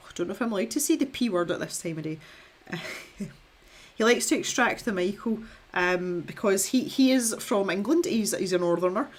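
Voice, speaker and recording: While painting on a live stream, a young woman from Scotland chats in a meandering, self-deprecating manner and laughs often. She talks at a normal speed, with an expressive, mid-range voice.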